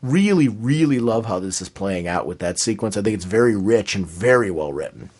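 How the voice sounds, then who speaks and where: A man's voice: lowish voice, lively intonation, fairly quick, a little mellow, slightly rough. A man co-hosting a podcast in casual chat, emphatic and enthusiastic, often repeating his points. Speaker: podcast co-host.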